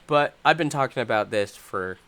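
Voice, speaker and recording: A young man hosting a live stream, talking in a profane, rambling way that swings from loud angry ranting to low, muttered talk. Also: lively intonation, normal speed. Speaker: channel host.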